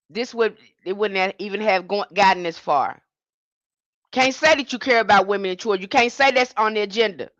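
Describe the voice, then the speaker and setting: Woman for a livestream rant: indignant and emphatic, bright sharp tone, dry lo-fi mic. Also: fairly high pitch, no echo. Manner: emphatic, indignant, with frequent restarts. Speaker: livestream host. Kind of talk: impassioned livestream monologue.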